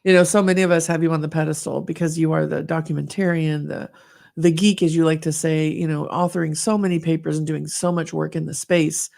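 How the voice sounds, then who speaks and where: A middle-aged woman co-hosting a podcast in easy, casual conversation. Her voice sits a little low and carries a gravelly fry. She tells stories with animation and acts out the voices of the people in them. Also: level tone, brisk, darkish tone. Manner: chatty storyteller, acts out quotes. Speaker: podcast co-host. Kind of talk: casual chat.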